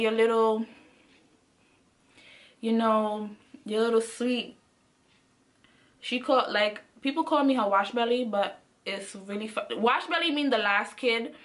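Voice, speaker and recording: Young woman vlogger, high-pitched and bright, animated and chatty storytime delivery. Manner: animated, chatty, speaks straight to viewers. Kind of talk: casual storytime.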